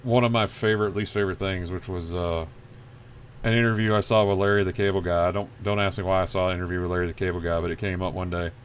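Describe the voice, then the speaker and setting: A man's voice: sits low, level tone, fast talker, a little hiss or hum. A man hosting a casual livestream while he draws, telling long rambling stories and swearing freely. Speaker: livestream host drawing. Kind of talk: casual chat while drawing.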